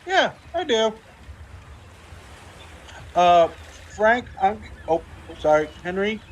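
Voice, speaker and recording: A man playing a tabletop game in an excitable, chatty way. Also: high voice, slow, highs cut off, slight background noise. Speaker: player. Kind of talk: casual tabletop game play.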